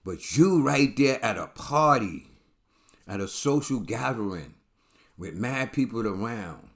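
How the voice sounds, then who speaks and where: A man's voice: mid-range voice, animated, measured pace, fairly bright tone. A man hosting a celebrity commentary channel, ranting bluntly with profanity and lots of repetition.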